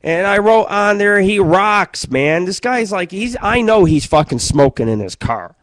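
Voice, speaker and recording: A man's voice: sits high, animated, moderate pace. A middle-aged man hosting a radio show, telling rambling, profane comic stories in a crude monologue.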